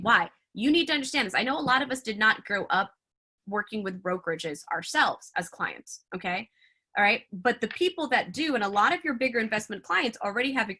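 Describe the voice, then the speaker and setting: Woman trainer, chatty and animated, bright higher voice, video call mic. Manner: chatty, filler-heavy, animated. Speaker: sales trainer.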